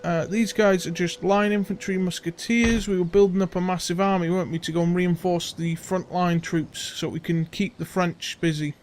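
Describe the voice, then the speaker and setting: A man's voice: high voice, steady tone, moderate pace, few pauses, a little hiss or hum. A man hosting a casual let's play, chatty and self-mocking, thinking aloud as he plays. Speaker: gaming channel host.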